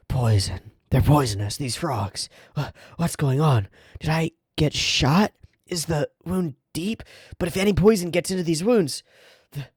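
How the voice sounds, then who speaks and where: A man's voice: on the high side, slightly rough, no room sound, clean studio sound. A man playing a frantic poisoned priest. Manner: frantic, muttering prime numbers under his breath. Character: panicking middle-aged male priest, poisoned and desperate. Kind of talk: dramatic manga read-aloud.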